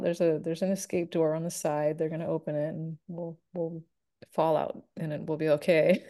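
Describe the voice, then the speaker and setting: A woman's voice: on the low side, fairly even intonation, normal speed, warm tone. A woman chatting casually as an interview guest, giggly and full of fillers. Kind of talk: casual chat.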